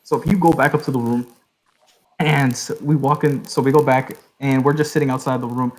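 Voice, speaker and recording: A man's voice: medium pitch, fairly even intonation, fairly quick, low-quality recording. A young man tells a long story on a podcast. He rambles loosely and keeps checking in with "right?" as he goes. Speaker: podcast host. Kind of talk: casual storytelling.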